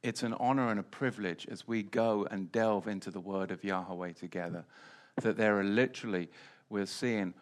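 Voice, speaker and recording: A man's voice: fairly low pitch, moderate pace. A man preaching a Bible lesson in an emphatic way, often repeating key phrases. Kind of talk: Bible teaching.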